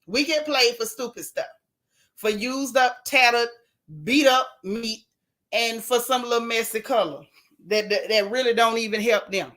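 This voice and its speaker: A woman hosting a casual gossip show, telling stories to her live viewers in an animated, joking, folksy way. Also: a little high, moderate pace. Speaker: show host.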